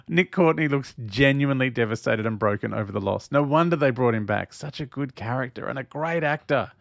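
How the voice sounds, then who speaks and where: A man's voice: mid-range voice, expressive, brisk, gravelly, fairly bright tone, dry recording, studio quality. A man hosting a casual watch-along, reading chat aloud and commenting, with a giggly, camp manner and frequent laughter. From Australia. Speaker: host of a watch-along stream.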